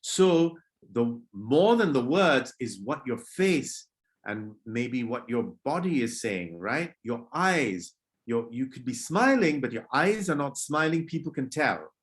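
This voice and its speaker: Speaking slowly in a very animated, mid-range voice, a man runs a virtual public speaking workshop for children. He acts out greetings showing various moods and gently tells off disruptive kids.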